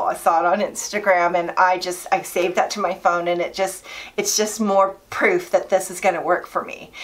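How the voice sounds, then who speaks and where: A woman's voice: mid-range voice, fairly bright tone. A middle-aged woman vlogging in a casual, chatty and enthusiastic way, laughing often. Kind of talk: casual chat.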